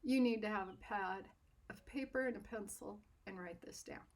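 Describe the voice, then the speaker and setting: A woman voicing a quiet male art mentor who speaks in a hushed, low voice. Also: normal speed, recorded from a distance.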